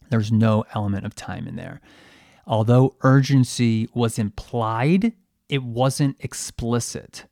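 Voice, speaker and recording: A man's voice: medium pitch, a little slow, darkish tone, dry recording, studio quality. A man hosting a podcast, a periodontist giving a conversational coaching monologue to dental teams, asking rhetorical questions and poking fun at himself.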